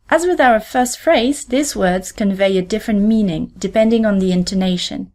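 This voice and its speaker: Clear, deliberate woman teaching. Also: on the high side, darkish tone. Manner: clear, deliberate, repeats example phrases slowly. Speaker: podcast host and French teacher. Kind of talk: scripted language lesson.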